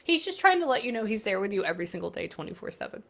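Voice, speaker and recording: A woman giving a psychic reading, thinking aloud and often pausing to say hang on. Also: mid-range voice, very animated, vocal fry. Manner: chatty, thinks aloud, keeps saying "hang on". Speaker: psychic medium. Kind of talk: live reading session.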